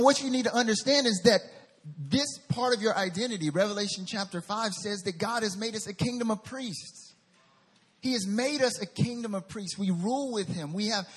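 Pastor, male, Southern US accent, high husky voice, lively sermon delivery. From North Carolina. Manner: lively, addresses the congregation directly.

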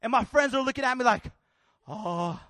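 A man from California telling his conversion story as a sermon, slangy and casual at first, then rising into loud, fervent preaching. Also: extremely high pitch, steady tone, quick pace, no room sound. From California, USA. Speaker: preacher giving his testimony. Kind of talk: sermon testimony.

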